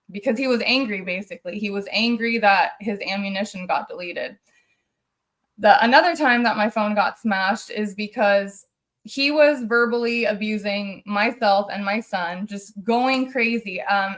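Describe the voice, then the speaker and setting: A woman's voice: mid-range voice, a bit bright. Earnest woman telling her story. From United States. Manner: earnest, emotional, circling back over details. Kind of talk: personal storytelling on a live stream.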